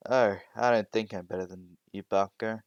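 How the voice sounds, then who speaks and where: A smug teenage boy magician taunts his rivals with calm, drawn-out mockery, as a man puts him on while telling a fan story. The voice is low and smooth, recorded close and dry. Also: dry recording, muffled recording, natural voice.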